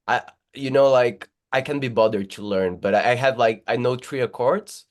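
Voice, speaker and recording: A man's voice: mid-range voice, normal speed. Man guest on a video call. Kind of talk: casual video-call chat.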